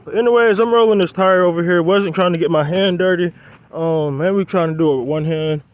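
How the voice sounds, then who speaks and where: Working on his car outdoors beside a quiet road, this young male vlogger talks fairly quickly in a high voice. His casual chat to viewers is loose and rambling, he's slightly winded, and he addresses everyone as y'all.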